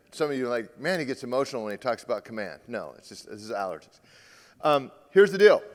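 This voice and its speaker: A male pitching coach giving a lively live talk to players and parents, acting out what players say. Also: big-room sound. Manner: animated, acts out quotes from players. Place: large room with a live audience.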